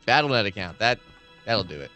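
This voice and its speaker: A man's voice: fairly low pitch, very animated, brisk, bright, forceful tone, soft background music. A man chatting loosely with viewers while streaming a horror game, rambling and swearing freely. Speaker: gaming live streamer. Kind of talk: casual live-stream game commentary.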